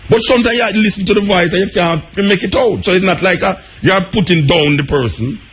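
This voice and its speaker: A Jamaican man hosting a call-in radio show, arguing with callers in a raised, animated voice. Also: high-pitched, a little fast, breathy edge. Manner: animated, argumentative, raises his voice. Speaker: radio talk show host. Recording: radio broadcast.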